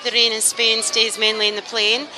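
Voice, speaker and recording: A woman's voice: a little high, flat delivery, moderate pace. A Scottish woman being interviewed at an outdoor market, reading test phrases and chatting. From Scotland. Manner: chatty, teasing. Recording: noisy street market outdoors.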